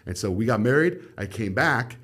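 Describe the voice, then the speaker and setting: A man's voice: mid-range voice, expressive, moderate pace, a bit bright, husky. A middle-aged man, a radio host, telling stories of his career in a casual podcast chat and acting out the people he quotes.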